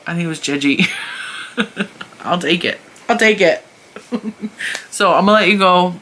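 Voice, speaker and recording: A woman's voice: fairly low pitch, normal speed, sharp tone, a little hiss or hum. A woman in her forties chatting casually to camera as host of a crochet channel, talking freely and laughing often between thoughts, recorded on a phone set up in front of her. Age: 40s. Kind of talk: casual vlog chat. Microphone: phone mounted in front of her.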